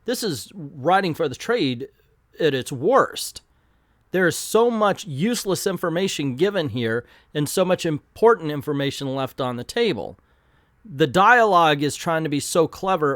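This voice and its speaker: A man reviews a comic in a sarcastic, animated way, his pitch bouncing around. His voice sits slightly high and sounds dry and close, with no room around it. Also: no echo. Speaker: comic book reviewer, channel host. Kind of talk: casual review commentary.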